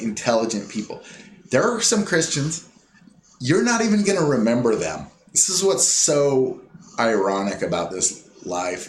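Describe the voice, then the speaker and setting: A man's voice: mid-range voice, a little hiss or hum. Scornful ranting man in echoey room. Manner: scornful, rambling, mocking impressions of others. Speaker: commentator. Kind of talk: ranting monologue. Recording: echoey room with faint ambience.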